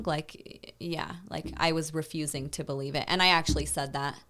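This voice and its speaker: A woman's voice: low voice, fairly even intonation, normal speed, few pauses, sharp tone. A woman in her thirties, a podcast guest, tells a painful personal story in a rambling conversational way, full of "like" and "you know.". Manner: intense, reliving a painful memory.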